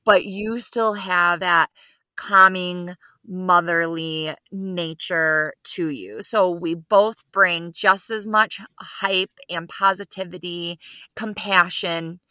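Casting note: upbeat woman podcast co-host, bright tone, dry close mic. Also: lowish voice, fairly even intonation, takes it slowly, no echo. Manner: effusive, upbeat and gushing. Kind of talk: casual podcast chat.

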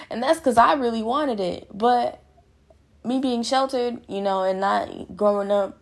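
A woman's voice: fairly high pitch, slow pace, vocal fry. A young woman hosting a podcast in casual, frank monologue, swearing freely and calling listeners girl and honey. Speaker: podcast host.

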